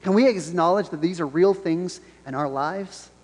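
A pastor preaching a Sunday sermon in an animated style, repeating his key phrases for emphasis. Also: sits high, moderate pace, in a large hall.

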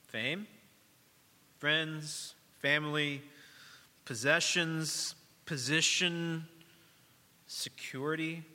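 A middle-aged man, a pastor preaching a sermon in a church, speaking earnestly, dropping to a hush and then rising to emphasis. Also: mid-range voice, in a large hall. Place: church sanctuary during worship.

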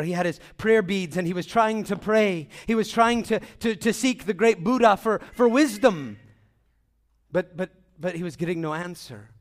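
A man preaching a sermon, telling a story with dramatic swings between loud, excited bursts and hushed, slow phrases, often repeating words as he goes. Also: high voice.

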